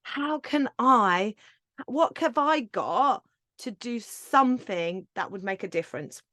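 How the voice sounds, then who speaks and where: A woman's voice: on the high side, animated, slow pace, sharp tone, no room sound, clean studio sound. A woman hosting her own podcast, talking alone with passion and emphasis, swearing casually and laughing now and then. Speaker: podcast host and yoga teacher mentor. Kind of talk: solo podcast monologue.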